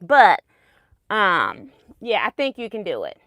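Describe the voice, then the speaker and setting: A woman's voice: medium pitch, huge pitch swings, slow, a bit bright, dry recording, studio quality. A woman hosting a casual quilting livestream, chatty and rambling, laughing at her own mistakes.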